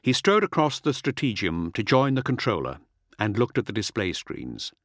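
In a dry, clean studio recording, a low-voiced man reads scripted audiobook narration at a measured, even pace.

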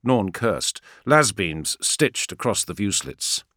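A man reading a sci-fi war story aloud as an audiobook narrator, in a dramatic, measured way. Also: lowish voice, sing-song, pushed and bright, no echo, clean studio sound. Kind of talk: scripted fiction narration.

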